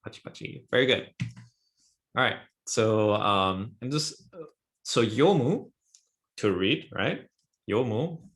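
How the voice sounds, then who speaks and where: A man's voice: on the low side, fairly bright tone. A man teaching a language lesson, explaining patiently step by step and often checking in with his student. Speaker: Japanese teacher.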